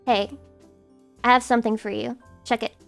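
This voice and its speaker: High-voiced swearing Southern streamer woman. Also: flat delivery, moderate pace, gravelly, faint music behind. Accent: Southern American. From American South. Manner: swears freely, playful and loud with sudden high squeals. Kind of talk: casual stream chat reading viewer messages.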